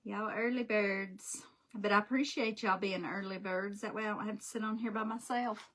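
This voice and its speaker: A woman's voice: medium pitch, fairly even intonation, normal speed, fairly bright tone. A woman, chatting and telling stories while crafting live, laughing often. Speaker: craft livestream host. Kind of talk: casual chat while crafting.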